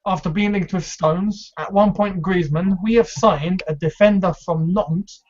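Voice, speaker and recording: Man, fan host, casual chat, high voice, laughs a lot, muffled lo-fi sound. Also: measured pace. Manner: chatty, laughs often, hesitant fillers. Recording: dull lo-fi sound.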